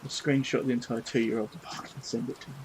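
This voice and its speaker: A man's voice: mid-range voice, steady tone, fast, slight background noise, rough recording. A British man in his thirties chatting cheekily and swearing playfully while painting on a live stream at his home desk. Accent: British English. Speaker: livestreamer painting models.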